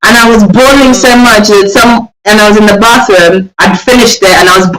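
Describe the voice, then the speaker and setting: A man guest in a casual interview, telling animated stories about himself and poking fun at himself. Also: sits high, a little fast. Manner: animated storyteller, acts out quotes, self-mocking. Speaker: guest, children's author. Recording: roomy, distant mic, crowd behind.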